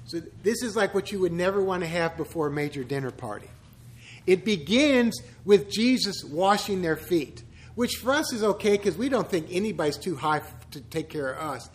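With a notably high voice, the pastor leads an animated church teaching at a moderate pace. Joking asides and rhetorical questions run through his chatty delivery. He comes across as talking with friends, not preaching from on high.

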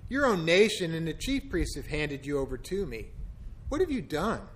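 A man's voice: on the high side, very animated, moderate pace, slightly rough. A man reading aloud who voices an uneasy male Roman governor, pressing questions on a prisoner in an insistent way. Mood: questioning.

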